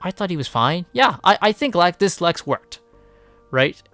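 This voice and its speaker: A man giving a casual spoken movie review, rambling and swearing freely, with animated outbursts. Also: sits high, normal speed, no echo, soft background music. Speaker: film reviewer.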